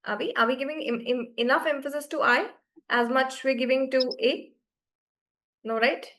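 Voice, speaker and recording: A woman's voice: high voice, moderate pace, fairly bright tone. A woman teaching French to beginners in an online class, explaining patiently and often checking that students follow.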